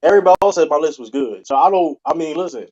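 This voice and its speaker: Deep-voiced guy arguing loud on a panel, keeps repeating himself, dry lo-fi sound. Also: animated, racing, no room sound. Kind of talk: heated panel debate.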